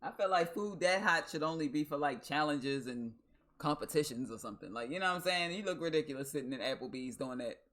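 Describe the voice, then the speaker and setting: A woman's voice: low-pitched, expressive, quick pace, fairly bright tone. A woman with a Baltimore accent who streams, chatting casually with a joking, profane, storytelling manner. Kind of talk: casual chat.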